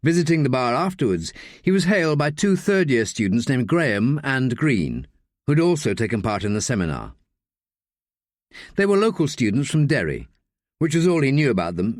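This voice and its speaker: A male audiobook narrator whose pitch swings widely as he reads, giving an animated, expressive telling. His voice sits mid-range, recorded close and bone-dry. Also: no room sound.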